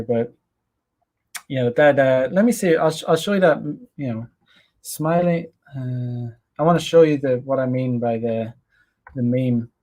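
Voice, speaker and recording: A man's voice: mid-range voice, warm tone. A man hosting his own show, talking loosely with many fillers and restarts. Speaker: host. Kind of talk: casual solo livestream commentary.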